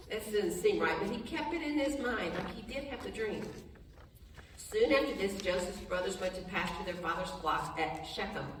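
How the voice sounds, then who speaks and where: A woman's voice: medium pitch, a little hiss or hum. A woman leading a Bible study, reading scripture aloud and stopping to explain it in plain, chatty words. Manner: plain talk with restarts, brief laughs, soft and slow in prayer. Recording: echoey hall, voice from far off.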